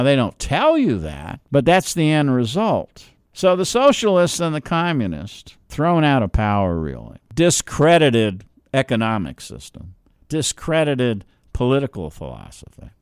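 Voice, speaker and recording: A man with a New Jersey accent delivers an opinionated monologue, his pitch rising and falling animatedly. He leans on rhetorical questions and sarcastic asides. His voice is smooth and resonant, recorded dry with no room sound. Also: dry recording. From New York City and New Jersey area.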